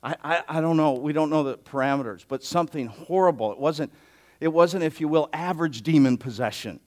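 Joking, fairly high-voiced male pastor. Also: fairly quick, a little mellow. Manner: conversational, joking asides. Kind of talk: expository sermon.

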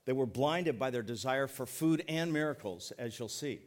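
A middle-aged man preaching a sermon as pastor, folksy and joking, leaning on words by slowing down. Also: medium pitch, expressive. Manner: folksy, joking, emphatic preaching with slowed stresses.

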